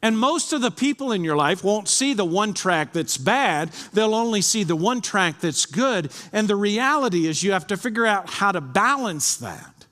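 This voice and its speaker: Pastor, male, lively fairly high voice, earnest sermon delivery, long hall reverb. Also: normal speed, few pauses. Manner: earnest preaching, reads scripture aloud.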